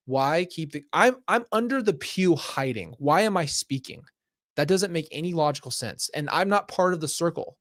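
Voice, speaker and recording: A man's voice: on the high side, animated, moderate pace, a bit bright, dry recording. A man streaming himself as he reads an interactive story aloud, breaking off with exasperated, laughing asides on a close mic.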